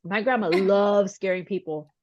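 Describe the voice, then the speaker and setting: A woman's voice: mid-range voice, normal speed, no echo, dull audio. A woman podcast co-host telling a family story in casual chat, acting out the voices of the people in it. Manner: animated, acts out quoted voices.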